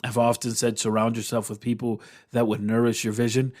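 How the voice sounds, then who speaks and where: A man's voice: mid-range voice, little pitch movement, a little fast, a little mellow. Earnest, encouraging man hosting a podcast. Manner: earnest, encouraging, repeats key phrases. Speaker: podcast host and coach. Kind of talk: heartfelt motivational talk.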